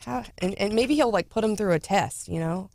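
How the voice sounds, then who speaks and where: A woman's voice: mid-range voice, fairly quick, creaky, a little mellow, a little hiss or hum. A woman co-hosting a political talk radio show, chatting casually and making sarcastic asides. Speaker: radio co-host.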